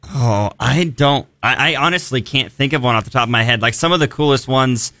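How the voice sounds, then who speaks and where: Easygoing male podcast guest, jokey, bright tone, dry close recording. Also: mid-range voice, a little fast, dry recording. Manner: easygoing, joking. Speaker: producer and guest. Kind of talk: casual podcast chat.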